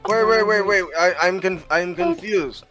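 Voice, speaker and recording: A man playing a tabletop game, excitable and quick to laugh. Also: sits high, over music. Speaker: player.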